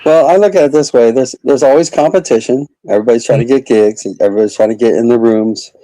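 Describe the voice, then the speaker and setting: Mellow-voiced chatty comedian. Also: male voice, medium pitch, fast talker, no echo, rough recording. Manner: rambling, chatty, lots of fillers. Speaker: comedian guest. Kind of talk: casual interview chat.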